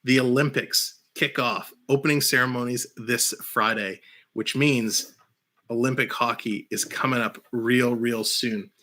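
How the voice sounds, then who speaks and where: Speaking in a mid-range voice with fairly even intonation and no rush, a man hosts a casual live-stream of hockey commentary and chat. On big plays, he erupts into shouts.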